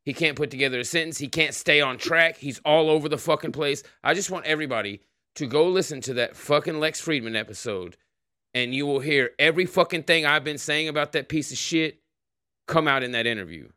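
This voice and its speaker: A man's voice: fairly high pitch, fairly quick, pushed and bright, no echo, clean studio sound. A man hosting a casual livestream podcast, greeting chatters by name and rambling in a profane, offhand way. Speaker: podcast host.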